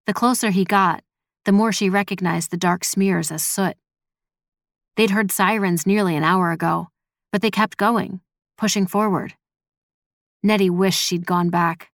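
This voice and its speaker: A woman narrating a dramatic story in a measured, expressive storytelling voice. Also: mid-range voice, no echo, studio quality. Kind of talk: scripted audio drama narration.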